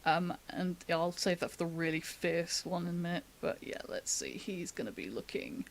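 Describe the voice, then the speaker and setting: A woman talks through a drawing demo in a relaxed, chatty stream. She thinks aloud as she sketches and laughs easily. She is from the UK. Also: lowish voice, normal speed, creaky, slight background noise. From United Kingdom. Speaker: artist giving a drawing demo. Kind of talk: casual live-stream drawing tutorial.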